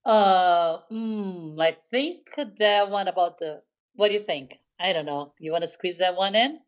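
A woman's voice: fairly low pitch, measured pace. A woman and mother co-hosting a podcast, chatting casually, reacting to stories and laughing along. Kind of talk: casual chat.

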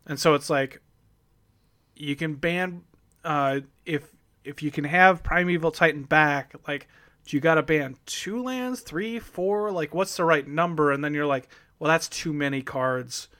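A man co-hosting a casual card-game discussion, talking in a halting way with many fillers and trailing thoughts. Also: on the high side, fairly bright tone, no room sound, clean studio sound. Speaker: podcast co-host.

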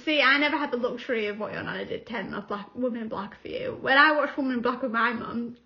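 A young woman with a fairly high voice talks fast on a lo-fi recording as she co-hosts a podcast. In casual, chatty storytelling, she acts out quotes and laughs often.

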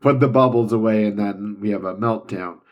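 A man's voice: on the low side, fairly quick, highs cut off. Amused young father chatting. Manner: amused, laughs while telling stories. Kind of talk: casual chat.

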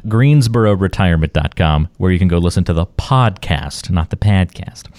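An upbeat man co-hosting a podcast, chatting casually and joking at his own expense. His voice sits fairly low, and the recording is dry and close with no room sound. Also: fast talker, warm tone, no echo. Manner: upbeat, joking, self-deprecating. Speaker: podcast co-host.

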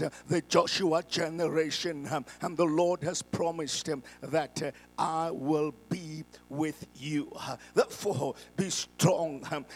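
South african pastor guy, gravelly high voice, uh uh fillers, gets shouty. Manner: fills pauses with constant "uh"; builds to shouted declarations. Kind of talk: sermon.

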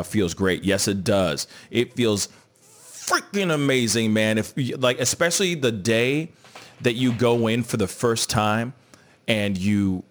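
A man hosting a live stream, chatting casually and joking while he reads viewer comments aloud. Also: fairly low pitch. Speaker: host of a live entertainment news stream.

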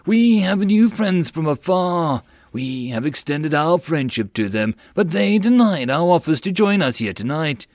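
A man doing a slow, preaching cult leader. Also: on the high side, lively intonation, darkish tone, dry recording, clean studio sound, voice pushed up. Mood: solemn.

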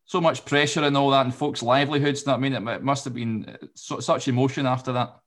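A Scottish man hosting a casual interview, supportive and quick to agree with his guest. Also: medium pitch, fairly even intonation. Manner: supportive, short agreeing replies. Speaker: podcast host.

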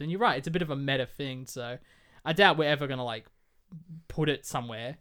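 A man co-hosting a film podcast in casual chat, telling stories with animated delivery. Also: medium pitch, quick pace, clear, resonant tone. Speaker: podcast co-host.

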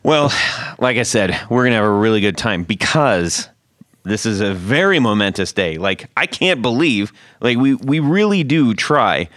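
Male podcast host, lowish voice, joking, rambling, dry close sound. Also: sing-song, moderate pace, fairly bright tone, no room sound. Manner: joking, rambling, laughs often. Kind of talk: casual podcast chat.

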